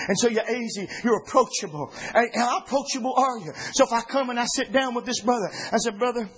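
A man preaching a sermon to his church, fervent, rising to shouts with breathy "uh" pauses. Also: high-pitched, poor audio. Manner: fervent, builds to shouting with 'uh' pauses and 'woo'.

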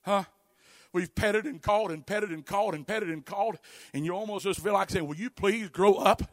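A man preaching a fervent sermon, shouting in bursts and punctuating with amen. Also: high voice, brisk, no echo, studio quality. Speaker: pastor.

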